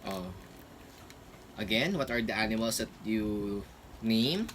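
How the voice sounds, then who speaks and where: A man's voice: on the low side, a little slow, a bit bright. A father quizzing his children at home in a playful, sing-song, coaxing way with lots of praise. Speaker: father playing a snack guessing game with his children. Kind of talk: playful home video chat with kids. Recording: noisy home recording.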